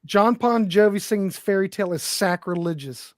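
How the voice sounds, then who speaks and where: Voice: medium pitch, moderate pace. A panelist in a casual music chat who reacts with exclamations and laughter. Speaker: panelist on a music talk stream.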